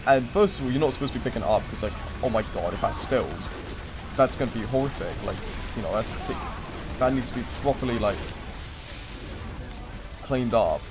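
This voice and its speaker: A man's voice: medium pitch, lively intonation, fairly quick, pauses often. A young man streaming, telling a rambling story in casual chat with lots of fillers and acted-out quotes. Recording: music playing behind.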